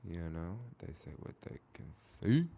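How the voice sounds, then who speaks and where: A man with a low, gravelly voice talks casually on a livestream, circling back over the same phrases to make his point. His tone is dark and mellow. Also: big pitch swings. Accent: American. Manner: repetitive, restarting phrases, drawn-out emphasis. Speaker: livestream host.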